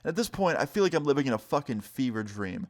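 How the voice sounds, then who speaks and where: A young man in his twenties telling a casual story time vlog, animated and swearing, speeding up and slowing down. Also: medium pitch.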